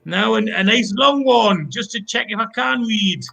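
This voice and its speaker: Gravelly high-voiced man reading puns. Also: animated, moderate pace, bright, forceful tone. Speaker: co-host reading listener puns. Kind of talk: casual online comedy show.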